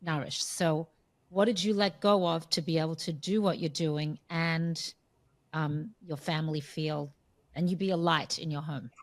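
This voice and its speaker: A woman with a notably low voice hosts the conversation, framing her question slowly. Her phrasing is searching and hesitant, full of small restarts. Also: fairly even intonation. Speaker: podcast co-host. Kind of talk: interview questions.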